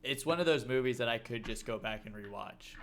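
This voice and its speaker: Relaxed man explaining a movie plot. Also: medium pitch, a little fast, slight background noise. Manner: relaxed, matter-of-fact explainer. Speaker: podcast co-host. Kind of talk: casual movie discussion.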